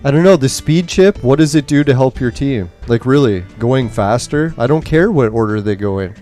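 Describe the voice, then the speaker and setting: A man's voice: medium pitch, expressive, moderate pace, warm tone, faint music behind. A man commentating on a mobile game as he plays, ranting angrily and swearing nonstop while in nicotine withdrawal. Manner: angry swearing rant. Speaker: gaming streamer.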